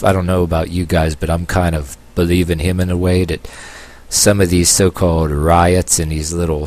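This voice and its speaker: An American vlogger with a very low, rumbling, slightly mellow voice rambles loosely to his camera; he's long-haired and calls himself a hippie. His speech is halting, full of stops, restarts and "uh" fillers, with sarcastic asides dropped in along the way.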